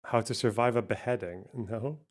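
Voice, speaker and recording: Sarcastic guy streamer reacting to clips, swears a lot, mid-pitched voice. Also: moderate pace. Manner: sarcastic, swearing, laughing asides. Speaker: streamer host. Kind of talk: casual reaction commentary.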